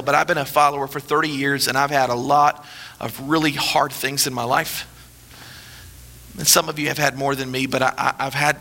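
A male pastor preaching a sermon with emphatic repetition, dropping low and quiet for solemn points.

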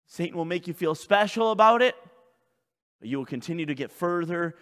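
A man preaching a sermon as pastor, swinging between loud urgent calls and hushed intense passages. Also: on the high side, lively intonation, fairly quick, in a large hall.

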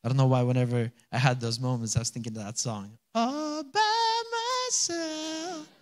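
A man's voice: mid-range voice, level tone, fast talker, a little mellow. A man, a pastor, preaching a conversational sermon and often checking in with the congregation. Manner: conversational, asks the congregation for responses.

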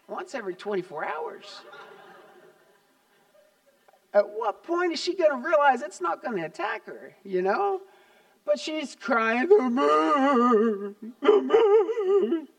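High-voiced grandfather preaching a sermon. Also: sing-song, moderate pace. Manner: storytelling, dynamic swings from loud emphasis to quiet asides. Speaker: pastor.

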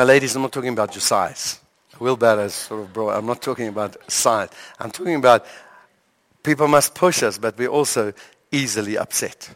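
A male pastor tells stories from the pulpit in a slightly high voice, pausing for effect and stammering into his points. The sermon fills a church hall and a long reverb trails after his words. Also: fairly bright tone. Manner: storytelling, dramatic pauses and stammered repeats.

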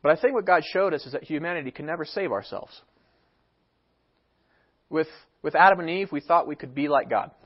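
A man's voice: fairly high pitch, lively intonation, a little fast, long pauses. A man preaching a sermon, emphatic, with rhetorical questions and acted-out quotes, heard on a dull lo-fi recording. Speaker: pastor. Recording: dull lo-fi sound.

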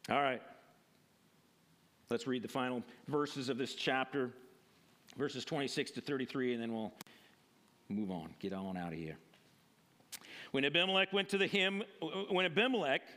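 A man's voice: medium pitch, normal speed, pauses often, sharp tone. A male pastor preaching a sermon and reading scripture in a casual, conversational way, with frequent fillers.

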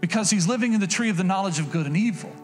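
A man's voice: high-pitched, very fast, faint music behind. A middle-aged male pastor delivering a sermon in a folksy, conversational way, repeating phrases and acting out little quotes. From Oklahoma. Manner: folksy, conversational preaching with repetitions and acted-out quotes.

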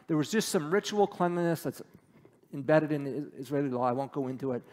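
A man preaches in a casual, talkative way. He reads scripture, then breaks it down in plain words. His voice sits slightly high, and long reverb rings through the room. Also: steady tone, quick pace, darkish tone. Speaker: pastor. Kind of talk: sermon, Bible teaching.

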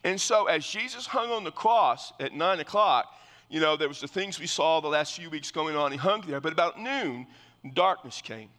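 Guy preaching thru a bible passage, kinda high bright voice, big echoey church hall. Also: lively intonation, moderate pace. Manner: earnest, explanatory, with frequent restarts. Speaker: pastor. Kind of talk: verse-by-verse sermon.

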